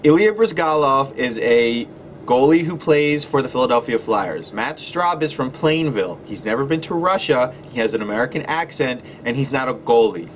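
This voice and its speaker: A man's voice: medium pitch, animated, moderate pace, slight background noise. A man giving dry, matter-of-fact mock documentary narration. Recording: music bed behind voice-over.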